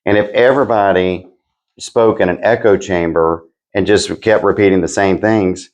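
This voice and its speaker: Chatty low-voiced man co-hosting. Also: moderate pace. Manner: animated, chatty, acts out quoted remarks. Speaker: podcast co-host. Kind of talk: casual chat.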